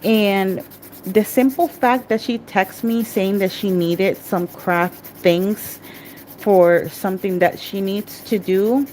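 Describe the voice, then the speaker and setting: A woman's voice: mid-range voice, steady tone, takes it slowly, darkish tone, slight background noise. A middle-aged woman telling a personal story in a candid, rambling way, full of restarts, as she talks through a nail tutorial. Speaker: nail artist and vlogger.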